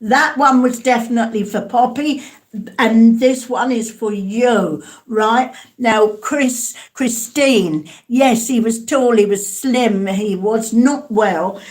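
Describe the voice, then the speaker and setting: A woman's voice: on the high side, slow pace. A woman giving a live spirit mediumship reading, hesitant and calling her listeners darling and sweetheart.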